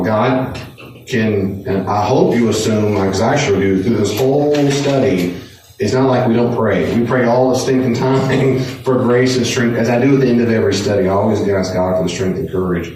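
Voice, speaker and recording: A man's voice: fairly low pitch, a little mellow. A man leading a Bible study in a conversational, earnest way, repeating points for emphasis. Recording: echoey room, distant mic, faint noise.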